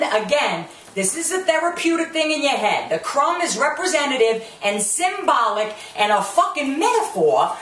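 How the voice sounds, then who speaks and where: A woman rants through a profane review of a reality show, brash and cursing, dropping Italian swears and mocking the cast members. Her voice is high and fairly bright, a bit off-mic in an echoey room with faint ambience.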